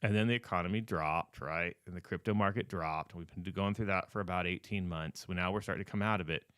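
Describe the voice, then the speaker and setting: A podcast host, a man with a lowish voice that is wearing thin as he loses it. He talks casually and with emphasis, repeats his warnings and fills pauses with ums. The sound is dry and close to the mic. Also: fairly bright tone, smooth, dry recording. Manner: repetitive, emphatic warnings with many fillers. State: losing his voice. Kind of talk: casual advice talk.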